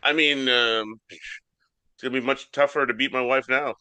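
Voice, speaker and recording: Man, bright forceful voice, deadpan absurd storyteller, casual comedy podcast chat, dry close mic. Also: moderate pace, clear, resonant tone, no echo. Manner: deadpan absurd storytelling, voices his mom in high squeaks. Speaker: podcast co-host.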